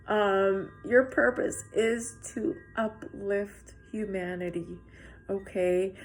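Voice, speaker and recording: A woman giving a spiritual tarot reading, talking straight to her viewers in a halting, earnest way with lots of fillers and restarts. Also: mid-range voice, steady tone, soft background music. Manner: earnest and encouraging, addressing viewers directly. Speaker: tarot reader.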